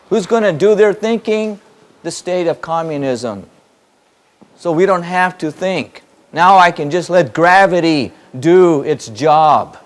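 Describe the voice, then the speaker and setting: A man giving a spoken teaching to a live audience, emphatic and repetitive, firing off rhetorical questions. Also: high voice. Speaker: spiritual teacher. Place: hall in front of an audience.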